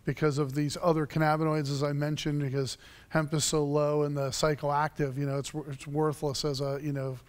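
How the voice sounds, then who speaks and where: Flat-toned man full of 'you know's. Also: a little high. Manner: halting, many 'you know' fillers. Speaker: panelist, hemp advocate. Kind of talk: panel discussion.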